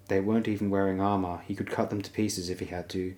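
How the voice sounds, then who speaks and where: Deep-voiced male reader; steady, measured audiobook narration.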